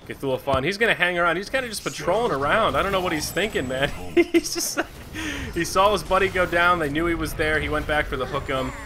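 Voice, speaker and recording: A man's voice: on the high side, animated, a little fast. A man casting an online game match, joking and chatty between calls of the action. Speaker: esports caster. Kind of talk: play-by-play game commentary.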